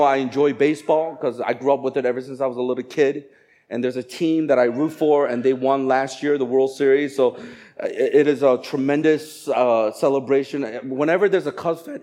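A man preaching a sermon, animated and humorous, acting out quoted voices of people for laughs. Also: on the high side. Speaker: pastor.

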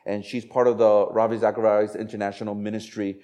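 A man's voice: fairly low pitch, little pitch movement, quick pace, mellow. Man preaching in a conversational style. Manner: conversational preaching with rhetorical questions. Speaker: pastor. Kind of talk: sermon.

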